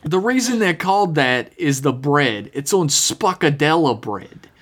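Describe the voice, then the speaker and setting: A man's voice: a little high, sing-song, unhurried, a bit bright, slight background noise. Man doing a rowdy Boston-accented fan. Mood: jokey. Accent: put-on Boston. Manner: jokey and boisterous, reading a letter aloud. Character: rowdy male listener, jokey local sports fan. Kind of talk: reading a listener email in a put-on voice.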